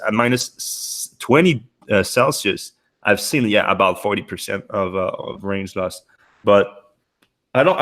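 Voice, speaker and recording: A man hosting a casual podcast chat, slightly hoarse from being a little sick and talking in halting bursts with many restarts. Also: fairly low pitch, fairly bright tone. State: losing his voice, a little sick. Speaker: podcast host.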